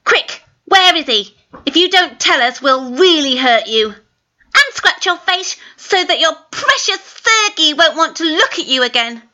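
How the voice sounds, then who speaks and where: A woman voicing spiteful twin schoolgirls who speak in a sharp, taunting, demanding way. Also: high-pitched, animated, measured pace, highs cut off, voice pushed up, exaggerated voice. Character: two spiteful bullying schoolgirl twins.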